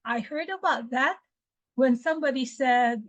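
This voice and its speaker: A woman from the Philippines with a Filipino accent, teaching English pronunciation slowly and deliberately, repeating words for drills. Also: high-pitched, dry recording, rough recording. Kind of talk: pronunciation lesson.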